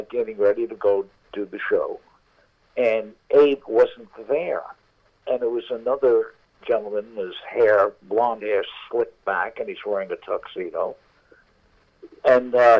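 An older man and guest storyteller, telling an anecdote unhurriedly and acting out the characters over a tinny phone line. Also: fairly low pitch.

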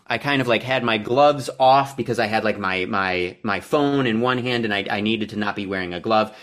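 A young man telling a long story on a casual podcast, easygoing and unpolished. He swears freely and sounds exasperated with himself. His pitch sits right in the middle for a man. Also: a bit bright. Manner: profane, self-deprecating, exasperated. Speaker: podcast co-host.

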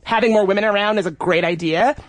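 A woman's voice: medium pitch, fast, no room sound. A woman co-hosting a podcast, chatting casually with enthusiasm and emphasis. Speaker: podcast co-host. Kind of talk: casual chat.

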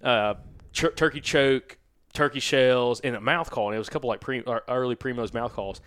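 A young man from Arkansas hosting a podcast, telling a hunting story in a rambling, animated way and saying "like" and "dude" a lot. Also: mid-range voice, moderate pace, clear, resonant tone. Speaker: podcast host. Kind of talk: casual storytelling chat.

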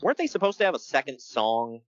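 Animated jokey man recapping wrestling. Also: mid-range voice, fast talker, dry recording, highs cut off. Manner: animated, jokey, laughs often. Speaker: podcast co-host recapping wrestling. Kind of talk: casual chat.

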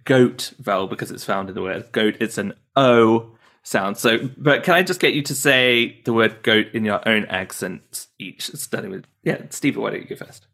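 A man's voice: on the low side, normal speed, creaky, a bit bright. A man working as an accent coach, patiently explaining sounds step by step in casual talk. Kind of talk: casual teaching chat.

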